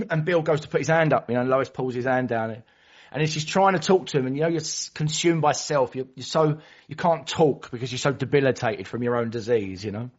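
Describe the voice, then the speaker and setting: A man's voice: medium pitch, fairly quick, husky. Passionate man sharing at a recovery meeting. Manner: passionate, storytelling, acts out voices. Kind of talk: personal share at a recovery meeting. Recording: dull lo-fi recording.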